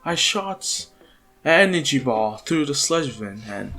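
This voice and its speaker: A man voicing a calm, clueless stranger man in a fan-made story, speaking easygoing and hesitant with many pauses. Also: a little high, faint music behind, exaggerated voice. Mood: puzzled.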